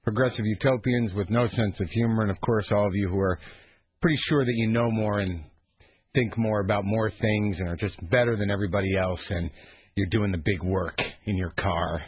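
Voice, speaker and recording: A man's voice: lowish voice, fairly quick, husky, dry recording. A man hosting a morning radio talk show, riffing with sarcasm and rambling asides. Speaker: radio host. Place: radio studio. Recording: narrow phone-like radio sound.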